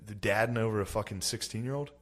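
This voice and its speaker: A man co-hosting a casual podcast, egging on the story with quick crude quips. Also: fairly low pitch, fairly bright tone.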